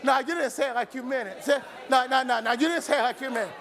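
A man preaching a sermon in a church, shouting and drawing the congregation into call-and-response. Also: extremely high pitch, steady tone, quick pace, a faint crowd.

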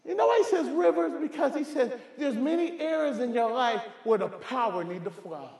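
High-voiced shouting preacher man. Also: lively intonation, moderate pace, creaky. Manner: fervent, shouting, stammered repeats. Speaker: pastor. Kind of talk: sermon. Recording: echoey church hall.

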